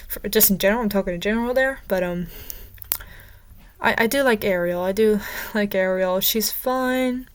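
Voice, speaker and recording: A young woman giving casual, rambling commentary as she ranks characters in a vlog, chatty and opinionated, with lots of fillers and stumbles. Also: medium pitch. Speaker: vlogger ranking characters.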